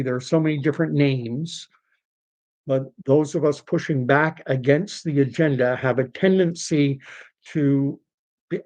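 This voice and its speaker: A Canadian man hosts an unscripted livestream, his medium-pitched voice carrying a darkish tone. He talks things through conversationally, with fillers and restarts, in a Canadian English accent, speaking as a podcast host.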